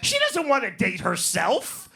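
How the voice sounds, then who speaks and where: A man's voice: extremely high pitch, wildly swooping pitch, unhurried, vocal fry, pushed and bright. A man doing a profane, brash stand-up set in a comedy club, working the crowd. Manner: profane, brash, riffs on audience.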